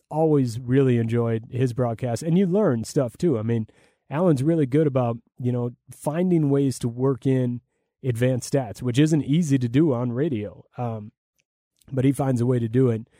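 A man with a deep, mellow voice talks shop with enthusiasm, circling back with fillers and restarts. The sound is dry and close, with no room around it. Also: moderate pace, dry recording. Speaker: play-by-play broadcaster. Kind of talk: conversational interview answers.

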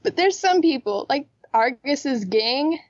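A woman co-hosts a laid-back podcast reviewing a TV drama, joking candidly and using plenty of slang. She speaks slowly in a high-pitched, expressive voice. There is no room sound, and the audio is lo-fi.

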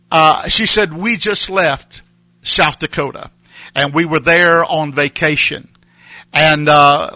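A man preaching an earnest mission appeal, halting and repeating words with many fillers. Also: a little high, bright, forceful tone, dry recording, low-quality recording. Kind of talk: sermon appeal.

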